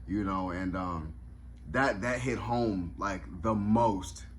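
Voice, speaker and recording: A man's voice: lowish voice, takes it slowly, a little hiss or hum. A man reviewing a comedy special in a casual vlog, reflective and openly emotional, with lots of fillers and restarts.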